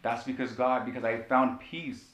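A man's voice: little pitch movement, normal speed, fairly bright tone. A male pastor preaching a sermon, telling a personal story with passion and repeating key phrases. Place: church sanctuary. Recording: echoey church room with faint rumble.

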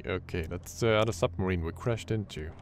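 A man giving horror game let's play commentary, excitable and jokey, swearing often. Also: low voice, fairly quick, noisy background. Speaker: gaming channel host.

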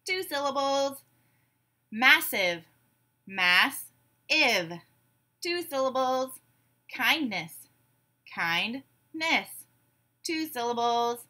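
A woman teacher leading a phonics drill for young students, saying each sound slowly and clearly and praising them often. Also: on the high side, sharp tone. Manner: slow, clearly enunciated drills with cheerful praise.

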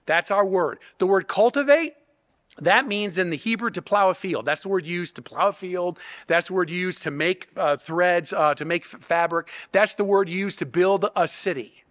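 A man's voice: high voice, moderate pace, a bit bright, in a large hall. A male pastor preaching a sermon in an earnest teaching manner, often checking in with "okay?" and "right?".

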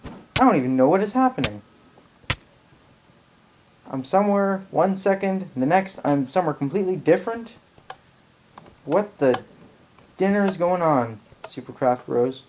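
A man's voice: fairly high pitch, expressive, unhurried, pauses often, a little mellow, slight background noise, poor audio. A man giving live gameplay commentary as a channel host, ranting in exasperated outbursts while annoyed.

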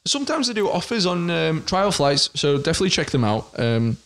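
A man co-hosting a podcast, chatting casually and chiming in with quick quips. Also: on the high side, very animated, a bit bright. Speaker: podcast co-host. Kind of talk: casual chat.

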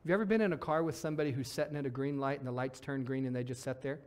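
A man preaching a lively sermon as pastor in a church, acting out voices as he goes. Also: medium pitch, rapid-fire. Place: church sanctuary.

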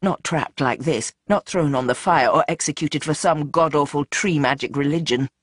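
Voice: mid-range voice, moderate pace, no room sound, clean studio sound. Tense, dramatic audiobook narrator. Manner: tense, dramatic, shifting pace. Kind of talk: scripted narration.

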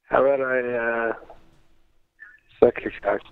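A man's voice: medium pitch, steady tone, a little slow, gravelly, no room sound. A man calling in to a radio show over a tinny phone line, blunt and crude. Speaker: caller. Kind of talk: phone-in call.

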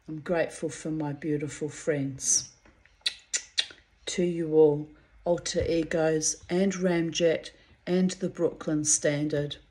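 Slow, low-voiced, affectionate middle-aged woman. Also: darkish tone. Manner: affectionate, addresses listeners as darlings and babies; rambling and heartfelt, repeats words. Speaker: oracle card reader. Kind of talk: casual personal reading monologue.

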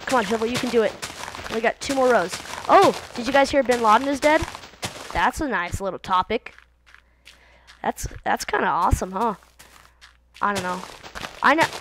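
Over the noise of the video game, a teenage girl hosting a let's-play rambles in a silly way, hopping from topic to topic. Her voice is medium-pitched and recorded through a computer mic with the level set low.

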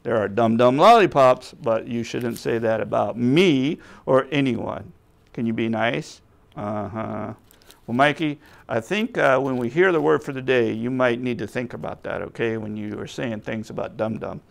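A man's voice: medium pitch, moderate pace, vocal fry. A man leading a children's church puppet skit, patiently coaxing the puppet and talking to the boys and girls.

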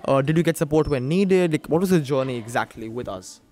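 A man's voice: on the high side, lively intonation, brisk, warm tone. A young man, hosting interviews in a theatrical showman style and turning to the audience often. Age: young adult. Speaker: host interviewing contestants.

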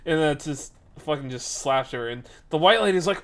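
A man's voice: a little high, normal speed. Brief: young male streamer, chatty storyteller, does voices for the people in his anecdotes. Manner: animated, acts out quoted people. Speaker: streamer and podcast host. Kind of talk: casual storytelling chat.

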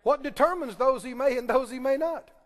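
A man's voice: very high voice, a little fast, big-room sound. A man preaching a sermon, emphatic and firing questions at the congregation. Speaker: pastor.

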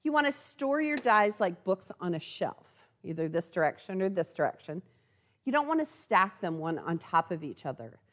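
A woman with a lowish voice, talking at normal speed, runs a live product demonstration in a sewing store. She's chatty and animated, tagging her lines with "okay?" to check in.

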